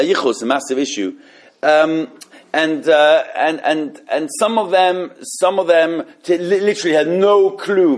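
A man leads a relaxed Torah class. His voice sits a little high, and he talks animatedly, often restarting mid-sentence. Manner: animated, halting with many restarts.

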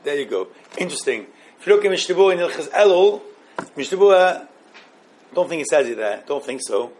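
High-voiced man teaching a class. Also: big pitch swings, fast, darkish tone. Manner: thinking aloud, repeating phrases, mixing Hebrew terms. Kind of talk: halacha class with questions from students.

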